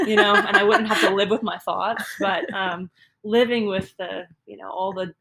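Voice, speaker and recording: A woman's voice: mid-range voice, fairly even intonation, normal speed, vocal fry, bright, forceful tone. A woman from Texas telling a personal story in a casual, self-deprecating way, full of "um" and "like". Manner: self-deprecating, chatty, many fillers like "um" and "like".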